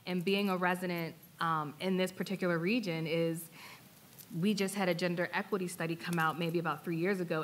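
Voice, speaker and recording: A young woman on a panel sharing her story in an earnest, plain-spoken way, pausing with fillers. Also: lowish voice, a bit bright. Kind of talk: personal testimony on a panel.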